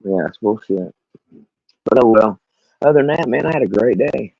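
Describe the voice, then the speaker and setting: A vlogger rants to camera about his workday, rambling, swearing, and laughing often. His voice is on the low side and creaky, with lively intonation and a moderate pace. The recording is dull, lo-fi, and dry with no room sound.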